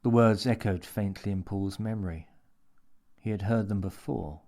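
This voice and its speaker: Low-voiced male story narrator. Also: unhurried, long pauses, dark tone. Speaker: story reader. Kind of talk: audiobook narration.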